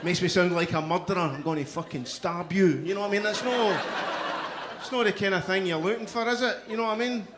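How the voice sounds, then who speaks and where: A middle-aged Glaswegian man performs a stand-up set into a handheld mic on a club stage. His voice sits high, and he keeps jabbing at the crowd with "you know what I mean". A faint hum of the room runs underneath. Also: fast. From Scotland. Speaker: stand-up comedian.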